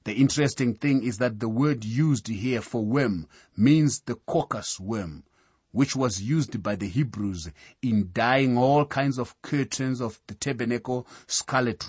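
A man preaching a sermon in a solemn, deliberate way, reading out scripture references. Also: medium pitch, breathy edge, no room sound.

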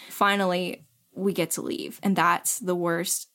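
A woman chatting casually with friends, telling an animated story and acting out the dialogue. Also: lowish voice, a little slow.

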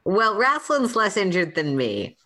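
A woman playing a tabletop game, speaking calmly and matter-of-factly. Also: medium pitch, unhurried. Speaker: player.

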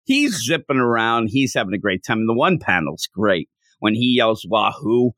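This podcast co-host chats casually at a moderate pace, his voice medium in pitch with no echo. He's animated and laughing, acting out quotes in different voices.

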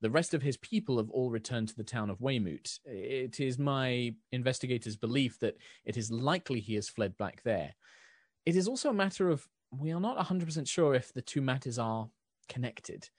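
A man voicing a stately, formal duchess who speaks in a measured, subdued way. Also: medium pitch, animated, no room sound, clean studio sound, natural voice.

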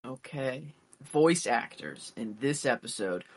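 A man's voice: medium pitch, expressive, takes it slowly. A man co-hosting a podcast in a playful, casual chat, laughing often. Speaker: podcast co-host.

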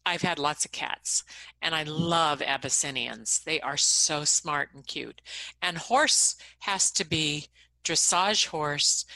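A woman's voice: sits low, sharp tone, no room sound. A woman co-hosting a casual chat, speaking enthusiastically and gushing about her favorite things. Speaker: co-host.

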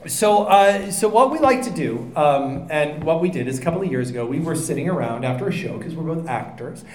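A man's voice: fairly high pitch, expressive, fairly quick. Joking man hosting a live panel in an echoey hall. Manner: rambling, joking, many fillers. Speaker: podcast co-host. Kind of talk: live podcast panel chat. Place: convention panel room. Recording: echoey convention room.

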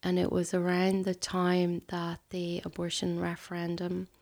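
A woman, a guest talking intimately and hesitantly in a soft, often breathy, near-whispered voice. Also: on the low side, completely flat delivery, measured pace. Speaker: guest sharing a personal story. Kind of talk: intimate conversation.

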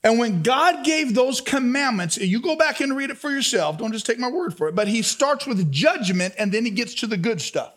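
A man with a very high voice preaches a lively sermon. He drops to soft asides, then rises to loud emphasis, and keeps asking his listeners for answers. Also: normal speed, few pauses. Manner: talks back and forth with the congregation. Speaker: pastor.

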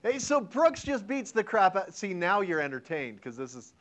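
A man's voice: sits high, moderate pace. A male history teacher lecturing a classroom, joking around and quizzing his students as he goes. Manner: animated, joking, and asks the class questions.

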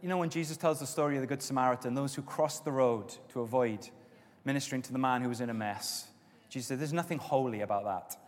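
A man preaching a sermon as pastor, with stretches of loud, emphatic exhortation and softer prayer. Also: medium pitch, quick pace, hardly any pauses. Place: church auditorium. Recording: long reverb of a church hall.

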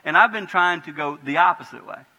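Sharp-voiced preacher man in a reverberant church. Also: a little high, brisk, muffled recording. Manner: animated preaching, swinging from hushed prayer to loud emphatic bursts. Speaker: pastor. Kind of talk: sermon. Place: church sanctuary. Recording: long hall reverb.

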